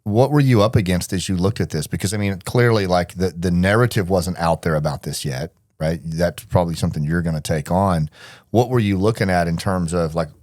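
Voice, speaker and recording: A male podcast host with a low voice works through probing questions, often restarting mid-sentence. His voice sounds close and dry. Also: fairly quick, darkish tone, dry recording. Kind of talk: interview conversation.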